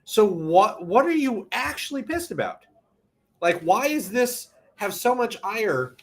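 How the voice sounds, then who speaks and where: A man co-hosting a podcast in casual chat, animated and wry in his reactions. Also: sits high, a little slow. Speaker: podcast co-host.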